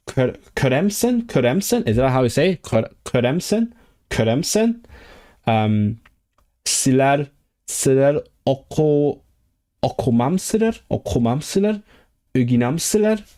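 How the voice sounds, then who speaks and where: A man streaming himself as he studies a language, drilling phrases aloud in a halting, repetitive self-talk. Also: medium pitch, darkish tone. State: sore throat. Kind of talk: casual livestream study session.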